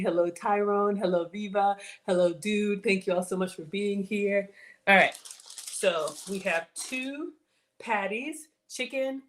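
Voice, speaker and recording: A woman's voice: mid-range voice, a little hiss or hum. A woman with a slight Southern drawl hosting a casual cooking live stream from her home kitchen, chatting with viewers and laughing often. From African born, grew up in the US South.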